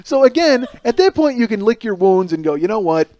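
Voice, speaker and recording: His voice is very high and dark-toned, very animated and a little fast. The podcast host delivers a solo comedic monologue, a profane story at his own expense in which he acts out each character.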